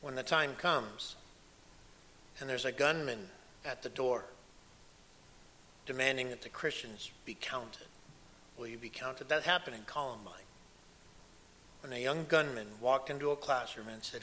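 A man preaching a sermon, telling stories with emphasis and swinging between a hush and loud, pressing delivery. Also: mid-range voice, normal speed, long pauses, a little hiss or hum. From United States. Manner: emphatic storytelling, dropping to a hush and rising loud. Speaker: pastor and former missionary.

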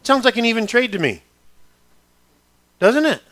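A man preaching a sermon. He begins quiet and conversational, then turns loud and emphatic. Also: very high-pitched, very animated, moderate pace, no room sound.

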